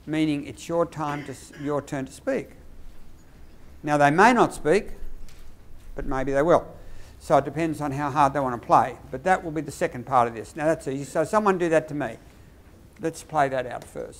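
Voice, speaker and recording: Animated man leading a teacher workshop. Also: fairly high pitch. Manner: lively, demonstrative, acts out dialogues. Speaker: lecturer on behaviour management.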